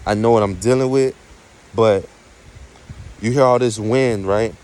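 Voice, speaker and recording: Man, low voice, quiet preachy outdoor night vlog, casual swearing. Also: fairly even intonation, a little slow. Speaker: spiritual vlogger.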